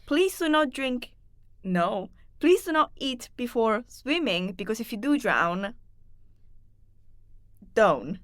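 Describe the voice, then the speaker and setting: A woman's voice: fairly high pitch, big pitch swings, takes it slowly, long pauses, a bit bright, dry recording, clean studio sound. A woman with an Italian accent and a sore throat, co-hosting a podcast in a giggly, playful, easily distracted way. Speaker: podcast co-host. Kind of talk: casual podcast chat with bloopers.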